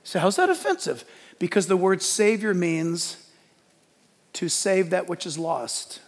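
A male pastor preaching a lively sermon in church, joking and acting out quotes as he goes. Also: sits high, measured pace, big-room sound. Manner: animated preaching with jokes and acted-out quotes.

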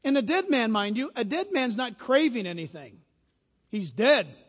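A man delivers a sermon in a strikingly high voice, swinging from quiet reflection to loud, emphatic bursts. His words ring out with a long reverb, as if spoken in a large hall. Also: normal speed, husky. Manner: animated preacher, builds to loud emphatic peaks. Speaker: pastor.

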